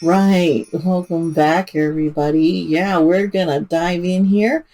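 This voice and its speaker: A woman's voice: lowish voice, steady tone, slow, music in the background, low-quality recording. A woman hosting her own channel, giving casual true-crime commentary in a chatty, emotional way with many fillers and restarts. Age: adult parent. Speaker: channel host.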